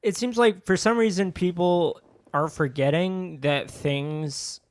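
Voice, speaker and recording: A man's voice: high voice, slow. A man co-hosting a podcast in casual chat, agreeable and swearing for emphasis. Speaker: podcast co-host.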